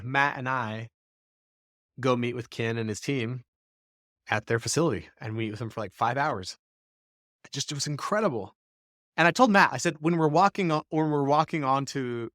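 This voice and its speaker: A man co-hosting a podcast, spinning a long story in an easygoing, animated way. He slips into the voices of the people he quotes. His voice sits in a middle register and the sound is close and dry, with no room around it. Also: mid-range voice, no room sound. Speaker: podcast co-host. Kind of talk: casual storytelling.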